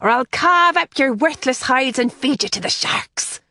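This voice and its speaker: A woman reading an audiobook, voicing a playful nineteen-year-old girl who puts on a gruff pirate brogue for a game. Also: high voice, lively intonation, measured pace, pushed and bright, pitched above the performer's own voice, exaggerated voice. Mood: swaggering.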